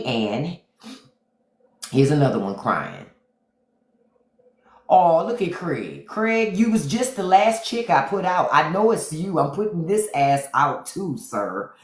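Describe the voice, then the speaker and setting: A middle-aged man hosting a casual livestream, blunt and profane, greeting his chat by name as he comments. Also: on the high side. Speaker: livestream host. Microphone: phone. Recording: echoey room.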